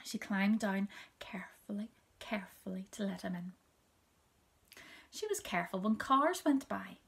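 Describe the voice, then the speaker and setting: A woman reading a children's story aloud, soft and gentle, often dropping to a whisper. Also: medium pitch, lively intonation, measured pace, creaky.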